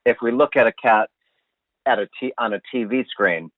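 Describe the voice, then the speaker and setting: A man telling a funny story in a casual chat, animated and swearing, acting out what he said at the time. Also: medium pitch, moderate pace. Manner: animated, swearing, acts out his own quotes. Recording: dry, phone-like sound.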